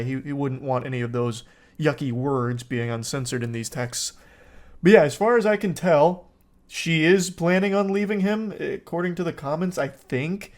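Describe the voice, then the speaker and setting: Dude in his 30s, flat deadpan snark about dumb texts, kinda higher voice. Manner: deadpan, sardonic, monotone delivery. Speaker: commentator reading text messages. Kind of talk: comedic commentary.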